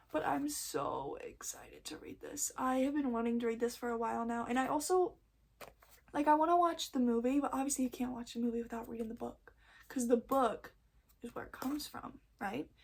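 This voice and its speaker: A young woman with a slightly raised pitch talks through her book haul in a loose, rambling way. She sounds a little nervous and often trails off or loses her thought before she picks it back up. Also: darkish tone. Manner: rambling, chatty, self-interrupting; nervous first-time vlogger. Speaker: book vlogger. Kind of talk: casual book haul chat.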